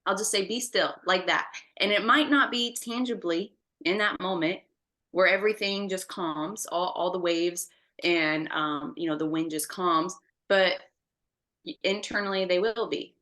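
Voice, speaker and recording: A woman's voice: lowish voice, unhurried, sharp tone. A woman co-hosting a faith podcast, telling a story animatedly and acting out the voices in her retelling. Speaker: podcast co-host.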